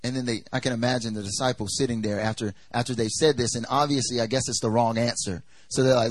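A man's voice: mid-range voice, steady tone, quick pace, dry recording, low-quality recording. A young man preaching a sermon at a church service, talking in a loose, conversational way full of "like" and "you know", and acting out the voices he quotes.

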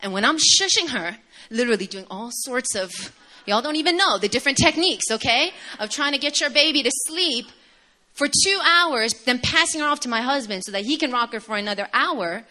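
A young woman preaching a sermon in a conversational, animated storytelling manner. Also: sits high, a little fast.

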